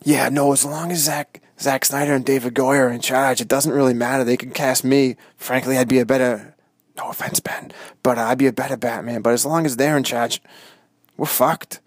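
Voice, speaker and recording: A man's voice: mid-range voice, fairly even intonation, brisk, no echo, clean studio sound, lightly acted. A man playing an unhinged Bigfoot hunter hiding out in the woods, whispering and ranting with crude swearing. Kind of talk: comedy sketch call-in bit.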